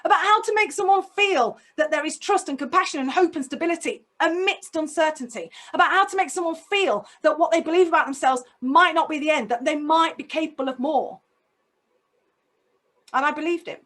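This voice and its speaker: A woman's voice: sits high, brisk, fairly bright tone. A woman telling a personal story in a talk, intense and emotional, putting direct questions to her listeners. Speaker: speaker.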